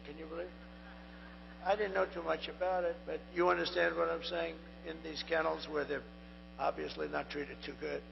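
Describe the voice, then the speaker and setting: A man's voice: on the high side, little pitch movement, moderate pace, gravelly. A man in his seventies giving a rambling, repetitive campaign rally speech, his voice strained and tiring. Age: 70s. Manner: rambling, repetitive, boastful asides. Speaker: political candidate. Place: large rally venue. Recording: dull echoing hall feed with hum.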